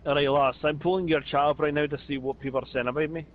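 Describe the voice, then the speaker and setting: A man's voice: on the high side, steady tone, quick pace, phone-quality sound. A man with a Scottish accent, bantering in mock-tough fashion while helping on a game stream. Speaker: fellow player, streamer's boyfriend. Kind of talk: casual gaming chat over voice call.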